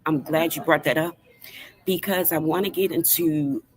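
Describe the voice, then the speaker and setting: A woman's voice: low-pitched, steady tone, normal speed, darkish tone, low-quality recording. A woman in her fifties hosting a casual livestream. She speaks earnestly and emotionally to her viewers, and her voice trembles with feeling. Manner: earnest, emotional, talks straight to the chat. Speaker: livestream host. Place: fast-food restaurant.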